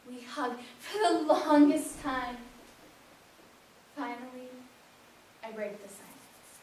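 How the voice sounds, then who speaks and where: A woman telling an emotional first-person story in a tender, unhurried way, heard in an echoey room from far off. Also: sits high, a little mellow, slight background noise. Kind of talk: performed spoken-word story.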